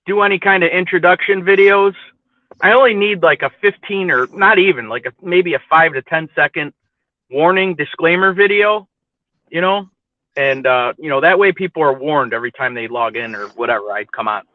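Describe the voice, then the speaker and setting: A man's voice: on the high side, normal speed, no echo. Easygoing man on a tinny line. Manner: easygoing, laughs often, rambling fillers. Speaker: host. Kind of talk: casual live-stream chat. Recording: dry, phone-like audio.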